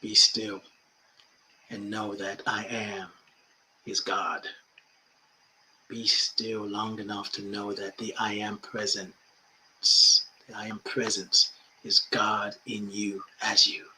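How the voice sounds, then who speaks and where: A man's voice: on the low side, little pitch movement, slow, pauses often, pushed and bright, slight background noise. A man hosting a spiritual coaching podcast, emphatic and repeating key phrases, with playful asides. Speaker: life coach and podcast host.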